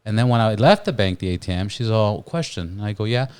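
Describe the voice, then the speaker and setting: A man's voice: lowish voice, smooth. A man in casual podcast chat, telling stories animatedly, swearing a lot and restarting often. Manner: animated storytelling, heavy swearing, quick restarts. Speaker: guest, rapper.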